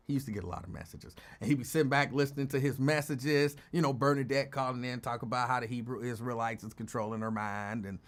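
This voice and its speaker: A man hosting his own show, telling rambling stories in a casual chat and laughing often. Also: medium pitch. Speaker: show host.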